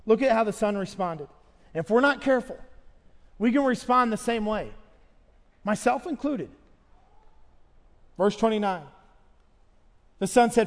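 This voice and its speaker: A fervent male pastor delivers an impassioned, pleading sermon in a high-pitched voice. His words ring out with a long reverb, as if filling a large sanctuary. He drives each point home with urgency. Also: lively intonation, a little slow, pauses often.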